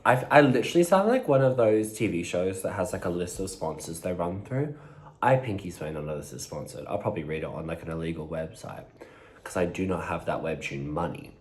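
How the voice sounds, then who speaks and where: A man's voice: low voice, lively intonation, fairly quick. A man chatting playfully to his viewers while he eats on camera, talking between bites. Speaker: vlogger eating on camera. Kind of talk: casual mukbang chat to viewers.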